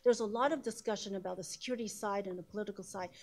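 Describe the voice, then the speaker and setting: A woman's voice: mid-range voice, rapid-fire, a little mellow. A woman on a conference panel, summing up her points one by one with some restarts.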